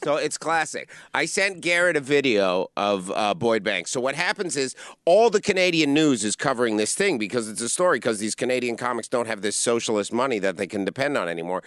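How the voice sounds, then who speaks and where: A man with a bright, crisp voice runs a casual comedy podcast, riffing loosely on stories and dropping into mocking impressions. The studio sound is tight and dry, with no room around him. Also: mid-range voice, expressive, brisk, few pauses, no echo. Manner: riffing, switches into loud mocking quote voices. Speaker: podcast host.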